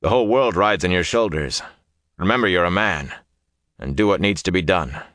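A hardened warrior bodyguard barks blunt, gruff orders, as a narrator does him. The voice sits very low and sounds close and dry. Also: male voice, moderate pace, fairly bright tone, no echo. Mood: harsh. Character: stern, hardened older male warrior bodyguard.

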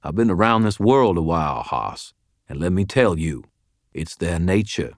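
Give me a gruff old wizard mentor, voiced by a man reading an audiobook, blunt and drawling as he lectures his former pupil. The voice sits somewhat above the reader's own deep register, with a stern, folksy edge. The recording is dry and close. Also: expressive, moderate pace, no echo. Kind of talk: audiobook character voice.

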